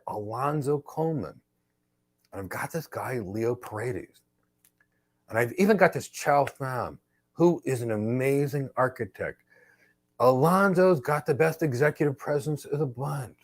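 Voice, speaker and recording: A middle-aged man hosting a live career Q&A, telling stories in an emphatic, animated way. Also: medium pitch, measured pace. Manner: emphatic, animated storyteller who acts out exchanges. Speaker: host and cloud career trainer. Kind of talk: live Q&A with storytelling.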